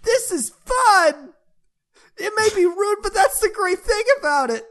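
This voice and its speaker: A woman's voice: extremely high pitch, animated, measured pace, fairly bright tone, full character voice. A woman putting on a Welsh accent, playing a chipper, crude woman who reviews games and is rowdy and gleeful. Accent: put-on Welsh. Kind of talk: comic reading of a review in character.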